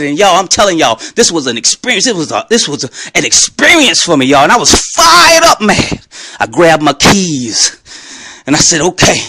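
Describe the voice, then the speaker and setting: A man giving an animated Christian testimony, emphatic and talking straight to his listeners. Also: on the high side, moderate pace, creaky, no echo. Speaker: Christian speaker.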